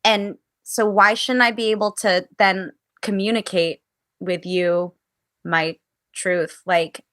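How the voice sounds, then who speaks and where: A woman actress speaks as an interview guest in an earnest, reflective way, circling back and restarting as she thinks aloud. Her voice is bright and forward, and it sits close and dry with almost no room around it. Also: mid-range voice, steady tone, takes it slowly, dry recording. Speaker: musical theater actress, guest. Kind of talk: candid casual conversation.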